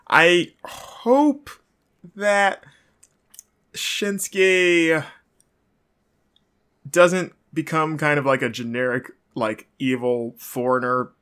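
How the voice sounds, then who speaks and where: A man's voice: medium pitch, fairly bright tone. Chatty man rambling through a recap. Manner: rambling, chatty, frequent fillers and self-corrections; dry, joking asides. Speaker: podcast host recapping wrestling. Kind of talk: casual recap monologue.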